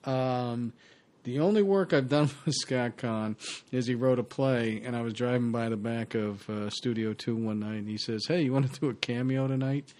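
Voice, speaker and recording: A man telling show-business stories in casual chat, animated and laughing as he goes. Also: medium pitch, normal speed. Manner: animated storyteller, laughs mid-sentence. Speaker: actor guest.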